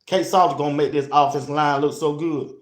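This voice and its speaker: A man hosting a casual sports talk show, blunt and animated, speaking straight to his listeners. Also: fairly high pitch, brisk. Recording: roomy echo.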